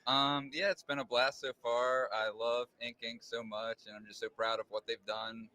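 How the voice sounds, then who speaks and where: A man's voice: medium pitch, level tone, normal speed, bright, forceful tone. A man from Maryland, a tournament player, speaking cheerfully in a post-match interview. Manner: cheerful, grateful.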